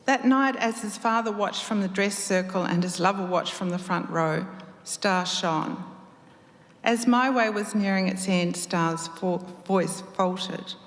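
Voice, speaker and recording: A woman reads her own story aloud to a live audience in an expressive, measured way. Her voice sits at a middle pitch. The hall gives it a roomy, long reverb. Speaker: writer reading her story. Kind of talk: reading fiction aloud to an audience. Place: live reading event in a hall.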